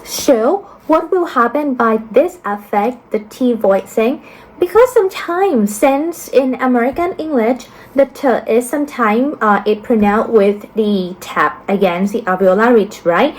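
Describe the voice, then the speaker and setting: Slow, careful woman teaching a lesson. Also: a little high, animated, rough recording. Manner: slow, careful explaining with frequent um and uh. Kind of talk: explanatory lesson narration.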